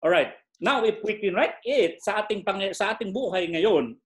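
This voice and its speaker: A man with a Filipino accent teaching a Bible study in English and Tagalog, polite and measured, often checking in with his listeners. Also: sits high.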